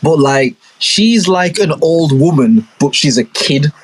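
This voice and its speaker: Animated slangy young man. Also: on the high side, takes it slowly, breathy edge, low-quality recording. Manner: animated storytelling, slangy, swears freely. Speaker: podcast co-host. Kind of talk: casual chat. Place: home.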